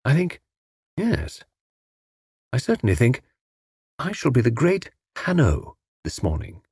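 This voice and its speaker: A man reading an audiobook, voicing a self-important young man who plays at being a great detective, in a slightly husky voice. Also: mid-range voice, wildly swooping pitch, measured pace, darkish tone, no echo, clean studio sound, exaggerated voice. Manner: self-important, theatrical, bossy. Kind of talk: audiobook character voice.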